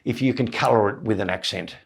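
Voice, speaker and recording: An Australian man in his seventies, a comedian telling anecdotes as a guest, animated and acting out voices, with stammered restarts. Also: fairly low pitch, quick pace, gravelly, breathy edge. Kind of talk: anecdotal storytelling in conversation.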